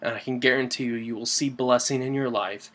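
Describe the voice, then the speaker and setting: Man, church devotional host; bright, forward tone, earnest and conversational, leans on key words. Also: mid-range voice, fairly even intonation, a little fast. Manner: earnest, conversational with fillers and restarts. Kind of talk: informal devotional talk.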